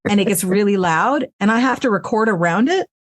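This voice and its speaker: Recorded dry in her home studio, a woman voice actress chats casually as an interview guest. She's frank, animated and swears freely, with a medium-pitched voice, lively intonation and a fairly quick pace.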